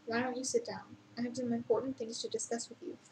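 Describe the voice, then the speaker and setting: A woman reading the lines of a small, gleeful elderly male scientist, who speaks politely and calmly. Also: a little high, fast, slight background noise, natural voice, rough recording.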